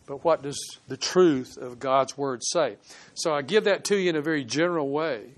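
A man's voice: on the high side, moderate pace. A man preaching a conversational Bible sermon, explaining verses and sometimes acting out quoted voices. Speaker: pastor.

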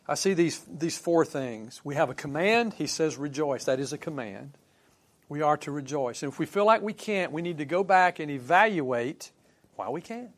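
A man preaching a sermon in a conversational way, putting questions to his congregation and swinging from quiet asides to emphatic points. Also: fairly high pitch. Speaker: pastor.

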